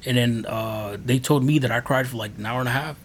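This podcast guest is a man recounting his faith testimony, earnest and rambling, with lots of fillers in a casual style. He speaks fairly fast at a medium pitch over a slight hiss or hum.

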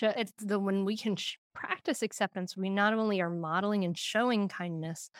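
A woman speaking as a guest expert, explaining parenting ideas calmly and earnestly, often checking in with "right?". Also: medium pitch, no echo. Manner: calm, earnest, explains slowly with frequent "right?". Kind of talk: advice-giving conversation.

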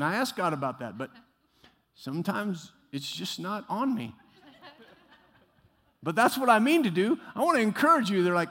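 A male pastor preaching a sermon, shifting from quiet musing to loud exhortation and acting out the voices he quotes. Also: sits high, very animated, brisk. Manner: acts out quoted voices, laughs at himself. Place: church sanctuary. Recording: long hall reverb.

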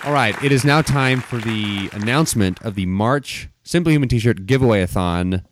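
A man co-hosting a podcast, running segments with easygoing, quick patter. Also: medium pitch. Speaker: podcast co-host. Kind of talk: casual chat.

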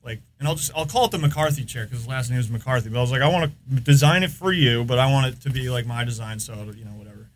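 Talking fast with hardly any pauses, this man from the United States has a mid-range voice and an American accent, with slight background noise. As a guest on a podcast, he rambles through long stories full of fillers in casual conversation.

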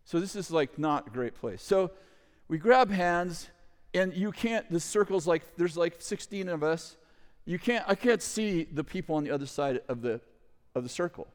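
A middle-aged man telling a story to an audience in a lively way, with loud bursts, acted quotes and chuckling asides. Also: a little high, normal speed. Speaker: ministry leader telling a story. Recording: long hall reverb.

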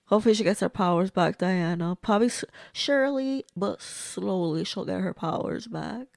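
A woman's voice: mid-range voice, normal speed, creaky, dry recording, studio quality. A woman, host of a movie review show, chatting casually and exclaiming at the screen as she watches along.

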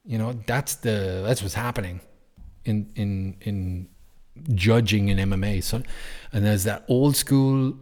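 A man's voice: lowish voice, unhurried, darkish tone. A man hosting a podcast, talking casually and bluntly, with plenty of swearing and rants. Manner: blunt, profane, ranting. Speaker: podcast host. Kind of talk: casual opinion chat.

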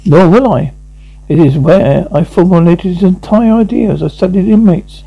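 A man's voice: high-pitched, normal speed, gravelly, breathy edge, full character voice. An actor playing a sinister older male collector and former captor who speaks in a cold, boastful way, from a dull lo-fi old TV soundtrack. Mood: gloating. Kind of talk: TV horror drama acting.

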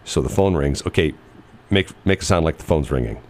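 A man's voice: extremely low pitch, a little fast. A man hosting a radio show, chatting casually and telling stories, acting out the voices of people in them. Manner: animated storyteller, mimics voices. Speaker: radio host.

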